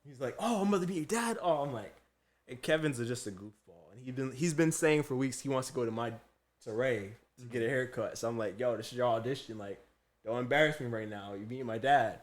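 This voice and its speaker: This young adult man, a chef and co-host of a podcast, has a medium-pitched voice and talks a little fast. Spinning a story in relaxed conversation, he acts out the people he quotes with lots of energy and frequently breaks into laughter.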